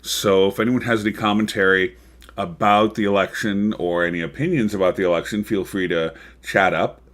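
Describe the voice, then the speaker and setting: Low-voiced man hosting a political livestream. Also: steady tone, brisk, fairly bright tone. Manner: chatty, rambling with frequent ums and asides. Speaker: livestream talk show host. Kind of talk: casual political livestream commentary.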